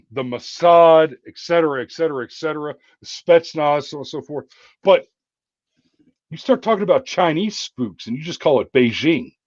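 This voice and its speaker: A lively male podcast host who swings his pitch widely as he jokes and curses through casual banter. His voice sits a little high for a man, and the sound is dry and slightly dull. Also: dry recording. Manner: profane, joking, animated. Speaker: show host.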